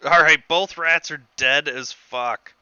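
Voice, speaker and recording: Guy game-mastering online, slow and halting, super dry close sound, a bit lo-fi. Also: on the high side, bright, forceful tone, clean tone, no room sound. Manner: halting, laughs easily. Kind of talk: narrating a tabletop game.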